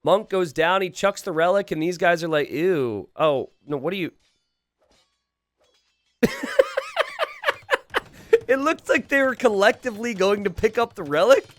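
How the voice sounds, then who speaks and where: A man hosting casual gameplay commentary, excitable and quick to laugh, chatting with his viewers and asking them questions. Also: sits high, dry recording. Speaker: game commentator and channel host.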